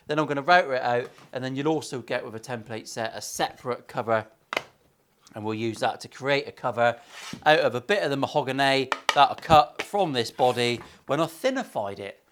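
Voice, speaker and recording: English guy in his workshop, guitar-maker banter, swears a lot, cheeky crude asides, mid-pitched voice. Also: animated, brisk, fairly bright tone, a little hiss or hum. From England. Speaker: luthier.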